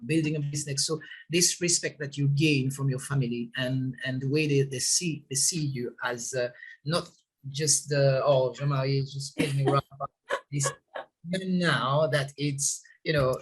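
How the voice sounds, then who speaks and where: A middle-aged man from Guadeloupe with a French accent touched by British vowels, talking haltingly as an interview guest and laughing often. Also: medium pitch, steady tone, breathy edge. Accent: French with British tinge. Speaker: restaurant owner guest. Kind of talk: casual interview talk.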